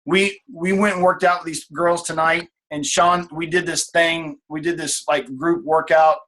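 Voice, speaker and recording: A man in his late thirties runs a motivational coaching call for his team, blunt and casual, cursing freely and hammering his main points repeatedly. His voice is fairly high and fairly bright.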